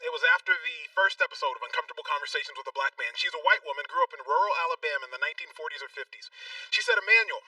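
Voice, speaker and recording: A man speaking as a guest author on a radio show, measured and earnest. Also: a little high, bright, forceful tone, clean tone, no echo, recorded from a distance, low-quality recording. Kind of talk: radio interview.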